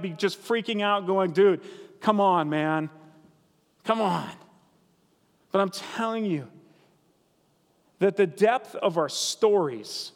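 A man preaching a sermon as pastor, earnest and conversational, repeating key phrases for emphasis. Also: high-pitched. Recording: reverberant hall sound.

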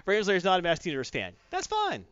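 A man with a smooth voice that sits high chats at a quick pace, animatedly recapping a comic and acting out the characters' voices. The recording is dry and muffled.

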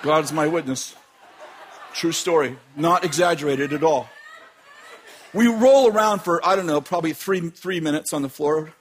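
A man telling a dramatic personal story with laughter and bursts of shouting. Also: on the high side, moderate pace, some chatter behind, slight background noise.

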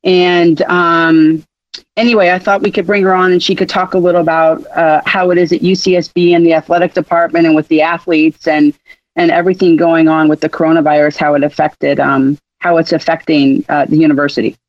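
A woman co-hosting a radio chat, telling stories in an animated way and acting out the quotes. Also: deep voice, a little fast, no room sound. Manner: animated storyteller, acts out quotes. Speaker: show regular, co-host. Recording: dry, dull line.

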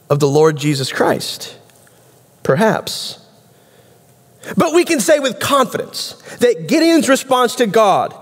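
A man preaching a sermon in a conversational, wry, explanatory way. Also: high-pitched. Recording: reverberant hall.

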